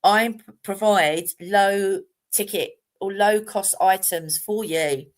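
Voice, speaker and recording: A woman's voice: mid-range voice, slow. A middle-aged woman, talking casually and chattily about meditation on a live stream, rambling with fillers and restarts. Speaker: meditation teacher.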